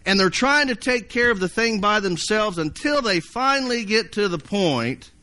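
A man's voice: high voice, lively intonation, moderate pace, sharp tone. A man preaching a sermon, folksy and storytelling, sometimes acting out panicked voices. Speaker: pastor.

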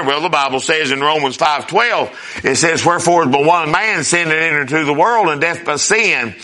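A man's voice: fairly high pitch, a little fast, sharp tone. A man preaching a sermon as pastor, emphatic, rising and dropping with repeated phrases.

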